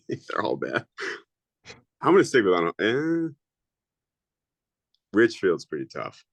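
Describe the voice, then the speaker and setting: A man's voice: lowish voice, wildly swooping pitch, slow pace, creaky, dull audio. A man being interviewed as a league coach, answering casually and thinking aloud with hums.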